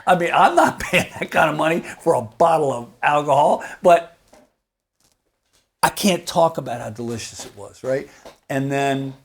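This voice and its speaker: A man's voice: on the high side, moderate pace, vocal fry, slightly rough. A man in his seventies, a guitar maker, talking casually in an interview, rambling and laughing as he tells stories. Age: 70s. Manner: rambling, animated, laughs while telling stories. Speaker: guitar maker and company founder.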